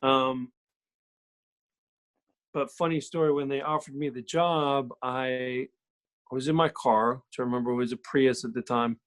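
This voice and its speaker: A man's voice: mid-range voice, steady tone, measured pace, long pauses. A man on a podcast from home, telling a story in a chatty, casual way, full of fillers. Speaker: podcast guest, soap actor. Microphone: remote call from home.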